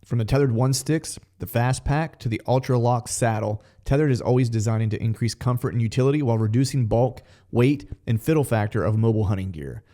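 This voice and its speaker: A male announcer reads sponsor spots in an upbeat, salesy tone. His voice is low and mellow, with a warm, relaxed timbre. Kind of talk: read sponsor ad.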